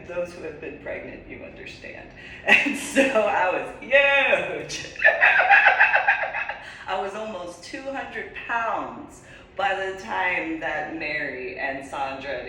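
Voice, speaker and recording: A woman in her forties from New Jersey telling a story casually, animated and laughing often, in an echoey room far from the mic. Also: fairly low pitch, slight background noise. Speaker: vlogger.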